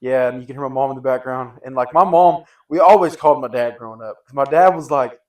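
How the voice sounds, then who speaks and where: A man, a podcast host telling a rambling, animated story in casual chat. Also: medium pitch, quick pace. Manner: rambling and animated, uses "dude" and "like" a lot.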